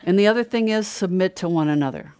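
A woman's voice: fairly low pitch, expressive, quick pace, dark tone, clean tone. An older woman preaching a conversational sermon, chatty, asking rhetorical questions and laughing often.

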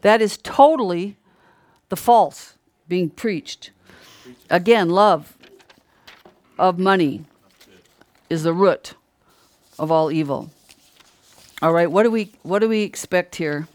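Smooth-voiced earnest preacher. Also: medium pitch, takes it slowly, long pauses, a little mellow, dry recording. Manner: earnest and emphatic, repeating key phrases; restarts and trails off mid-sentence. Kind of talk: sermon-style Bible teaching.

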